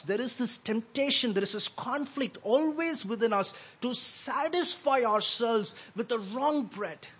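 A man delivers a sermon with a notably high voice. His tone is husky and a little breathy. He keeps it conversational, tossing in quick "right?" checks and doubling back on words. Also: pushed and bright. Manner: conversational, frequent "right?" asides, repeats words. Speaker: preacher.

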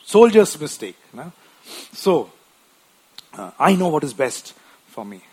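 A man's voice: on the high side, sing-song, slow, husky. A man preaching a sermon in a conversational way, often tagging his points with short questions and restarting his sentences. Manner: wife mentioned.

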